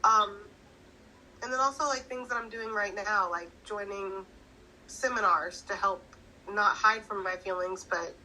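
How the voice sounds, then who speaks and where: A woman guest talks about her loss, hesitant and full of fillers. Her voice is bright and tense. A faint hiss of noise sits under the recording. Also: mid-range voice, a little slow, rough recording. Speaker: guest sharing her grief. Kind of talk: personal conversation.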